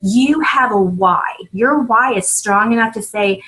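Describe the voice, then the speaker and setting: A woman in her thirties giving an upbeat coaching talk to new sellers, with frequent "right?" and "um", acting out sample sales pitches. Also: normal speed, few pauses, fairly bright tone, low-quality recording. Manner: upbeat, repeats points with "right?" and "um". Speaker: team leader training new sellers.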